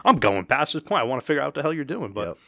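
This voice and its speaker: A male podcast guest tells a story at an easy, rambling pace, voicing his own thoughts along the way. His voice sits at a middle pitch, and the sound is dry and close. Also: very fast, no room sound. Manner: relaxed, rambling talker who quotes his own thoughts. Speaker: podcast guest, former delivery driver turned private investigator. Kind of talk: casual chat, storytelling.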